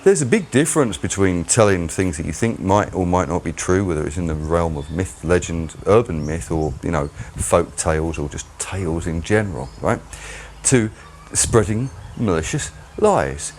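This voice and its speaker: A man's voice: low voice, lively intonation, normal speed, a little mellow, a little hiss or hum. A man hosting his own channel, delivering a rambling, mocking solo commentary. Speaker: channel host.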